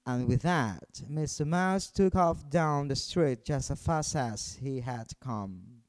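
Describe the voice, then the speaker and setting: A man reading a children's story aloud in an expressive storytelling manner. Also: mid-range voice, slow pace, no room sound.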